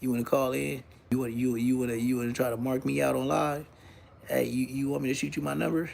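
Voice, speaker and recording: Gravelly, laughing man on a livestream. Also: mid-range voice, fairly even intonation, brisk, a little mellow, a little hiss or hum. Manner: laughs often, trash-talks the chat. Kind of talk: casual livestream chat.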